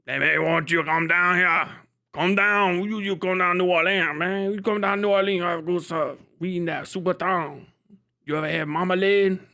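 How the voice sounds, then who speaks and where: A man's voice: sits high, steady tone, moderate pace, pushed and bright. A man voicing a friendly man, drawling invitations. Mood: inviting.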